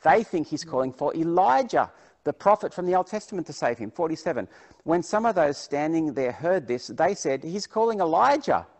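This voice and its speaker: A man's voice: a little high, animated, a little fast, a little mellow. A man preaching a sermon, reading Bible verses aloud with emphasis and then explaining them.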